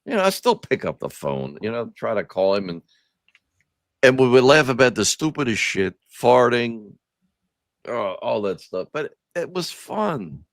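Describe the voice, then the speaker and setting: A man's voice: medium pitch, big pitch swings, unhurried, no echo, clean studio sound. A man hosting a podcast, chatting in a rambling, profane, nostalgic way. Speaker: podcast host. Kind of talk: casual chat.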